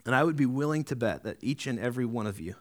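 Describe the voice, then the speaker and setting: A man preaching a sermon as pastor, earnest, often adding tag questions, slowing down to read deliberately. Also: medium pitch, lively intonation. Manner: earnest, rising to emphatic peaks, slowing to deliberate reading.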